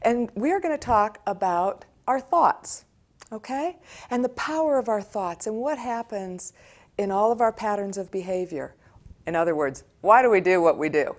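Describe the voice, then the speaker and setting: An American woman speaking as a church counselor, giving an animated teaching talk and acting out quoted voices of children and parents. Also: medium pitch, moderate pace. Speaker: church director of community, counselor.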